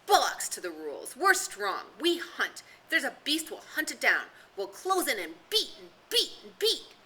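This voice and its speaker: Woman reads a domineering boy hunter; shouting, sneering, bright and sharp. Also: fairly low pitch, very animated, normal speed, a little hiss or hum. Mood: wild. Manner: shouting, jeering, bitter mimicry. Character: aggressive, domineering schoolboy hunt leader.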